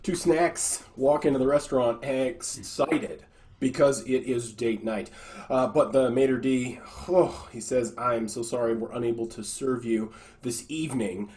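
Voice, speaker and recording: A man improv performer telling jokes in a measured, deadpan way. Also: medium pitch. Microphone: video call.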